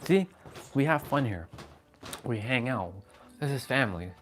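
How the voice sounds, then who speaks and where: A man's voice: mid-range voice, lively intonation, measured pace, faint music behind. A man chatting casually on a live stream from his phone at home, rambling and greeting viewers by name. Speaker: vlogger. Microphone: phone on gimbal.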